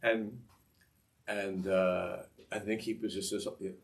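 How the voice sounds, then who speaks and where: A man teaching a class who tells a Hasidic story in a rambling, halting way, with many restarts and asides. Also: deep voice, little pitch movement, creaky, recorded from a distance. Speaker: Torah teacher.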